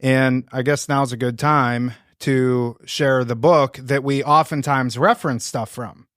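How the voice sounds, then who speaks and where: A man's voice: mid-range voice, fairly even intonation, measured pace, fairly bright tone, no echo, clean studio sound. A man around forty hosting a podcast, speaking earnestly and loosely. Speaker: podcast host. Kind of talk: podcast interview.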